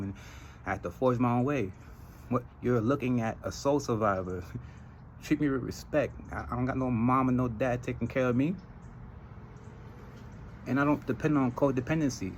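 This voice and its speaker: A Trinidadian man hosts a podcast in a loose, casual monologue. His voice sits in the middle of the male range, and he tells animated stories and laughs often. A faint background noise runs under the recording. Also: medium pitch, rough recording. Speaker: podcast host.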